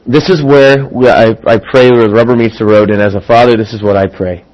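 A middle-aged man preaching a sermon as a pastor, acting out quoted voices and swinging from loud emphasis to hushed asides. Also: mid-range voice, steady tone, fairly quick, highs cut off.

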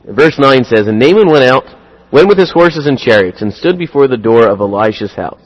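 A man's voice: medium pitch, normal speed, highs cut off. Man preaching in a reverberant hall. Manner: animated, acts out dialogue in sudden louder bursts. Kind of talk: sermon.

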